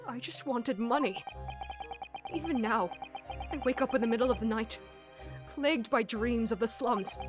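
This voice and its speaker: A woman voicing a bitter man who confesses to a hard past, in a video game. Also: natural voice. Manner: low, brooding, somber reading. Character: bitter poor-born male telegraphist confessing.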